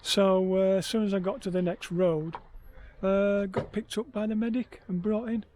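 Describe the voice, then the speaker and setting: High-voiced tired man rambling. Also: steady tone, moderate pace, warm tone, slight background noise. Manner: rambling, hesitant, many ums and restarts. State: worn out after heatstroke. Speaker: ultra runner vlogging his race. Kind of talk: casual self-filmed vlog.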